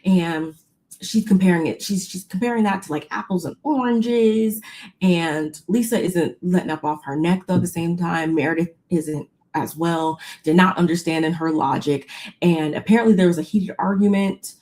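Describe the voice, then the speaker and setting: A woman co-hosting a casual recap chat, retelling scenes in an animated way with quoted voices. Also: lowish voice, moderate pace. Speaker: podcast co-host recapping a reality show.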